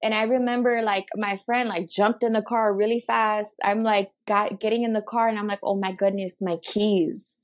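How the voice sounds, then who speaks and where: A young woman from Chicago, a podcast guest, telling her life story in casual, animated talk and acting out what people said. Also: fairly high pitch, moderate pace, hardly any pauses. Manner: animated, acts out quotes in her own voice.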